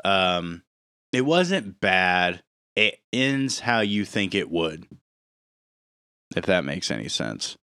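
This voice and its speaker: A man co-hosting a podcast in casual chat, pausing and searching for his words. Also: low-pitched, sing-song, sharp tone, clean tone, no echo, studio quality. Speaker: podcast co-host.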